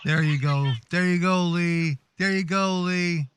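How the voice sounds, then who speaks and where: A man with a somewhat high voice hosts a casual live chat. He keeps things upbeat and relaxed, reading comments from viewers aloud as they come in. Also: a little slow, a little hiss or hum. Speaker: host of a live stream show.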